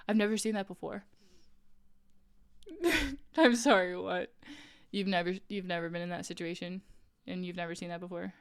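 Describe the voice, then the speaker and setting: A woman's voice: on the low side, normal speed, long pauses, clear, resonant tone. A woman streamer chatting casually with viewers while crocheting, talking in an incredulous way, laughing often and filling her talk with "like".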